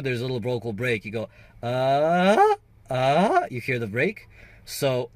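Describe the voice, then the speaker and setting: A man's voice: mid-range voice, no echo. A man hosting a singing and guitar channel, explaining vocal registers casually and singing short demo notes. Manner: conversational explaining with fillers and sung demos. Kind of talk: casual video lesson.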